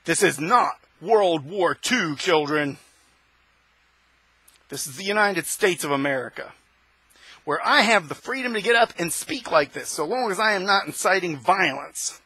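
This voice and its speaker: Guy ranting hard on his own show, high voice, kinda husky, dry sound. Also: lively intonation, unhurried, no room sound, rough recording. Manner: fiery, preaching, rising to shouts. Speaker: host. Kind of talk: impassioned opinion monologue.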